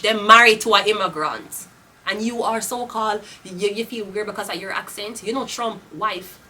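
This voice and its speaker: Jamaican lady doing a tarot reading, cussing and rambling, bright edgy voice, faint hiss behind. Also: mid-range voice. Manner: blunt, profane, rambling. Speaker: tarot reader. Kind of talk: casual tarot reading monologue.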